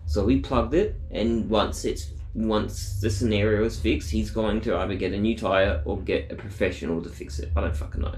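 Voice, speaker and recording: A man's voice: fairly low pitch, fairly even intonation, moderate pace, darkish tone, reverberant, soft background music. A man telling a daily diary vlog in a rambling, blunt, profane casual way. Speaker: vlogger.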